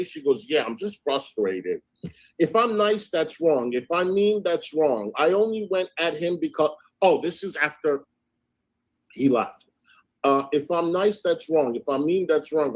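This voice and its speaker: A man hosting a livestream, casually recounting and reading out text messages in an indignant tone. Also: a little high. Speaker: livestream host.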